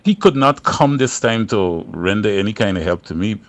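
A man, a songwriter guest, talking slowly from home on a call, with many pauses and fillers. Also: fairly low pitch, expressive. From Guyana. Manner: slow, halting, many fillers. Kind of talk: remote interview. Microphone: phone or video call from home.

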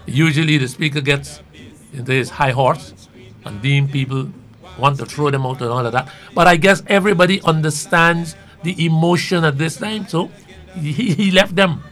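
A man giving talk show commentary in a measured, rambling way, thinking aloud. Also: on the high side, fairly bright tone, faint music behind.

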